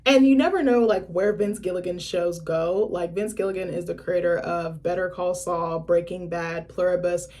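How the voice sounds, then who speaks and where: A young adult woman vlogger in casual chat to camera, talking in a chatty, blunt and profane way with lively asides. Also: fairly low pitch, moderate pace, few pauses.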